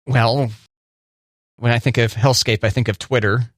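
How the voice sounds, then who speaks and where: A man co-hosting a radio show who teases his partner and keeps up a stream of quick replies. His voice has an average pitch. It is caught close and dry on a studio mic. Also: fairly even intonation, no echo. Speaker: radio co-host. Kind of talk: morning radio show chat.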